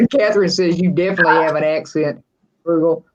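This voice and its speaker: A woman's voice: lowish voice, huge pitch swings, moderate pace, lo-fi sound. A woman from West Texas with a West Texas accent, hosting a casual livestream chat in a chatty, folksy way and laughing often. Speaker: livestream host.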